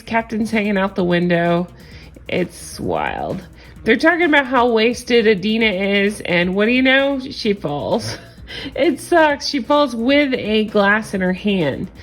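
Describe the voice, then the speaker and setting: A woman's voice: medium pitch, fairly bright tone. A woman vlogger giving a casual, chatty recap of a reality show, frank and gossipy, with frequent laughs and casual swearing.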